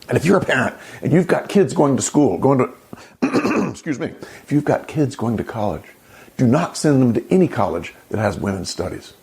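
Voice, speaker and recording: A man's voice: medium pitch, creaky, darkish tone. A man hosting an opinion commentary, indignant and sarcastic, often exclaiming. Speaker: channel host.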